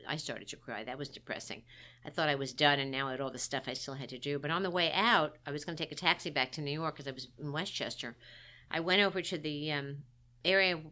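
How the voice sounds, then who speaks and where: Middle-aged woman, low voice with a bright edge, wry candid storyteller. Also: fast. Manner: candid, wry, self-deprecating. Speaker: guest. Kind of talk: personal storytelling in conversation.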